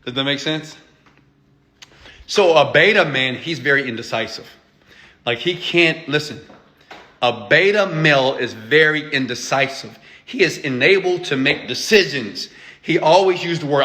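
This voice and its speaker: A man's voice: a little high, expressive, normal speed, long pauses, bright, forceful tone. A man who is an entrepreneur and mentor, lecturing his viewers bluntly and emphatically, swearing and checking in with "okay?". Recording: echoey room.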